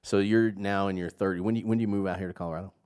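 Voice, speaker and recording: A man hosting an interview, animated and joking, pushing his guest with questions. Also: low-pitched, rapid-fire, clean tone. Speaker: interview host. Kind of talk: casual interview.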